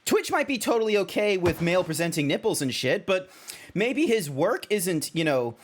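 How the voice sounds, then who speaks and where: A young Australian man talks to his stream viewers in a loose, rambling way. He doubles back and restarts his sentences often. His voice sits a little on the high side for a man. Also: big pitch swings, moderate pace. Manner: rambling, self-correcting, chatty. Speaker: VTuber streamer. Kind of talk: casual stream chat.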